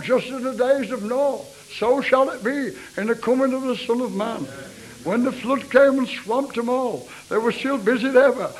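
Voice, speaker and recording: A man's voice: extremely high pitch, husky, low-quality recording. A man preaching a fervent revivalist sermon, repeating his refrain and breaking into tongues.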